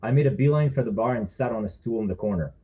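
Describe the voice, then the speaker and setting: Mellow-voiced man narrating a thriller. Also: mid-range voice, animated, fast talker, rough recording. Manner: wry, conversational storytelling. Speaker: author. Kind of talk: first-person thriller narration.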